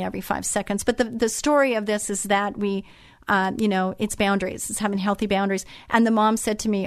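A woman's voice: medium pitch, steady tone, brisk, dry recording, studio quality. A middle-aged woman hosting a radio show, chatting in a motherly way with many fillers and restarts. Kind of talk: casual chat.

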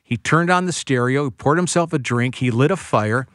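A man's voice: medium pitch, moderate pace, a bit bright, no echo, clean studio sound. A male author, a guest on a radio show, who tells one anecdote after another in a chatty way. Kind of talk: radio interview.

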